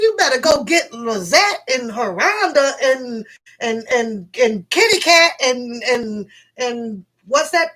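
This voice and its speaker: A middle-aged woman vlogger telling a story to her viewers in a casual, profane, animated way, laughing as she goes. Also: a little high, rough recording.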